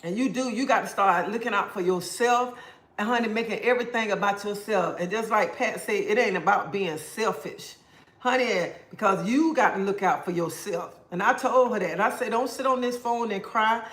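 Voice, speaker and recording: A man's voice: high-pitched, normal speed, fairly bright tone. A man hosting a casual livestream, answering viewer comments and giving preachy life advice. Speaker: livestream host. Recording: roomy echo.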